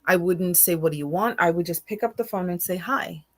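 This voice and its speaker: Talking fairly quickly in a voice on the low side, this podcast co-host is a woman in her forties. The chat is casual, and she is open and emotional, frequently restarting and repeating herself.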